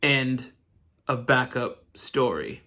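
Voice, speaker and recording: A man's voice: medium pitch, animated, slow, heavy background noise. Male comic vlogger, casual recap, playful slangy commentary. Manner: joking, slangy asides. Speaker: comic book reviewer.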